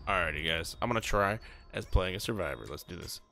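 A man's voice: sits low, a little fast, creaky, music in the background. A man giving casual, jokey commentary on a game he is playing, talking to his viewers and now and then putting on silly voices. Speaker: gaming YouTuber.

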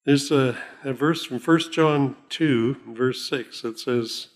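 An older man gives a sermon in a folksy, rambling way. He chuckles often and slows down when he reads scripture aloud. His voice sits at an ordinary middle pitch. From Oklahoma. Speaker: pastor.

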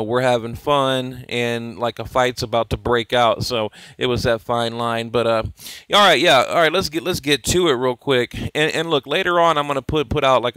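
A man's voice: mid-range voice, fairly bright tone, clean tone, no room sound, rough recording. A man hosting a boxing channel, chatting casually and rambling with lots of fillers. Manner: rambling, laid-back, many fillers, chuckles. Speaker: boxing YouTube host. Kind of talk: casual fight commentary.

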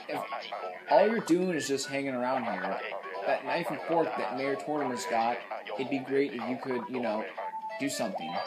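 A man's voice: mid-range voice, lightly acted, rough recording. A man reading as a jittery turkey. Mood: anxious. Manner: nervous, rambling, reads game dialogue aloud. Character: jittery male turkey fearing a feast. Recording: loud game music behind.

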